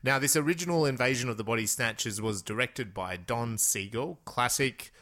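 An Australian man from Western Australia with a bright, forceful voice, co-hosting a film podcast. He keeps the talk moving in an easy, chatty way and laughs often. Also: mid-range voice, moderate pace. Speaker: podcast co-host. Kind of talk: casual film podcast chat.

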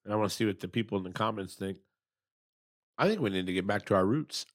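A man co-hosting a casual podcast chat, teasing dryly with deadpan asides. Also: lowish voice, fast. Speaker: podcast co-host.

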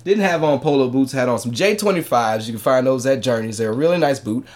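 A man co-hosting a podcast, a stand-up comic telling a story in a casual, profane way, acting out the people in it. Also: fast talker. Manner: animated, profane, acts out quotes in a high voice.

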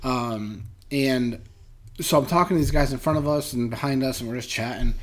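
A Western Massachusetts man co-hosts a podcast, chatting casually and telling rambling, animated stories packed with fillers. His voice sits in the mid-range and moves at normal speed.

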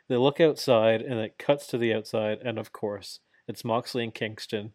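A man co-hosting a podcast in casual chat, animated and laughing often, swearing freely. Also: fairly low pitch, normal speed, few pauses, dry recording, studio quality. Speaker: podcast co-host.

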